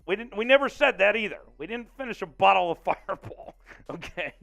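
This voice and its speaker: A man hosting a casual sports livestream, reading out viewer donations, excitable and laughing often. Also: high-pitched, brisk, gravelly, soft background music. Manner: excitable, reads out super chats, laughs often. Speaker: livestream host.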